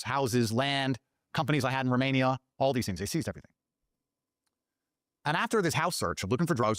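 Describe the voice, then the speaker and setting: A middle-aged man rattles off a story at a quick clip, his pitch swinging up and down as he mimics the people he quotes. He swears freely as he talks. The sound is close and dry, with no room around it. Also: no echo. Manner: profane, acts out quoted lines in mocking voices. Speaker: podcast guest. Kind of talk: animated storytelling in a podcast clip.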